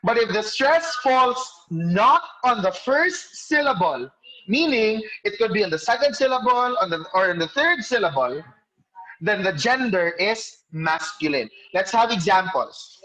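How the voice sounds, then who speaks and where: Over a video call, a male teacher lectures an online class in a high, expressive, bright voice with a forceful edge. He explains slowly, calls on students by name to quiz them, and fixes his wording mid-sentence; the recording is rough.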